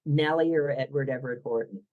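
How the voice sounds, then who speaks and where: Philadelphia woman, interview guest, wry and opinionated, lively delivery. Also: a bass voice, brisk, phone-quality sound. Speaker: guest author. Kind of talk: podcast interview.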